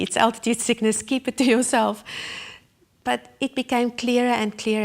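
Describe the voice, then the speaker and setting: A woman giving a sermon as a personal story, told vividly and with feeling, sometimes dropping to a hush. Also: on the high side. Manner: vivid, emotional storytelling with sudden hushed asides. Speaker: Christian speaker.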